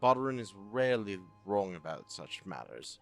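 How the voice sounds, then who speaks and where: A man's voice: on the low side, very animated, moderate pace, vocal fry, fairly bright tone, no room sound, faint music behind, exaggerated voice. A man voicing a stern, formal male naval commodore in a fantasy game, reading dialogue aloud.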